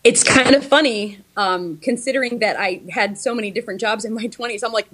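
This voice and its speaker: A woman's voice: a little high, a little fast, hardly any pauses, fairly bright tone, a little hiss or hum. A woman in her thirties, a librarian guest speaking over a video call, with many ums and restarts. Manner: hesitant, frequent ums and restarts.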